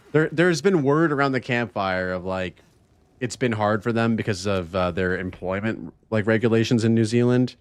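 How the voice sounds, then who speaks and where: A man's voice: medium pitch, smooth. A man streaming a game, casually chatting with his viewers in a laid-back, rambling way. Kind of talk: casual gaming stream chat.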